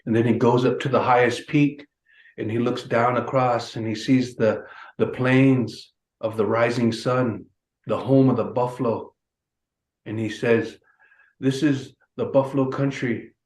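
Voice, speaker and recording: A man telling a traditional animal story as guest speaker, in a measured, repeating storyteller cadence. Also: medium pitch, fairly even intonation, darkish tone. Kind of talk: oral storytelling. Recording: roomy echo.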